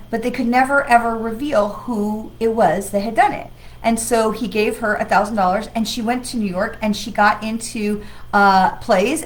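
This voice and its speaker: A woman's voice: mid-range voice, rough recording. Chatty woman host with a cough. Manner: chatty, rambling, enthusiastic. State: coughing from travel. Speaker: psychic medium host. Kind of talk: casual livestream talk.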